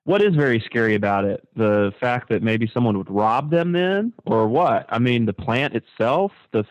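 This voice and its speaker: A man co-hosting a casual talk show, animated and sarcastic, his voice leaping high when he mocks something. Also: moderate pace, no room sound, muffled recording. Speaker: podcast co-host.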